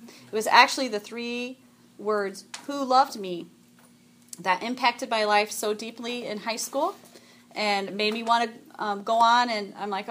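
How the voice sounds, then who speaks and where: A middle-aged woman giving a devotional talk to a group, animated and chatty, often acting out her own yelling and sprinkling in "okay" and "um". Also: on the high side, unhurried, a little hiss or hum. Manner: frequent "okay" and "um". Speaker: women's event speaker.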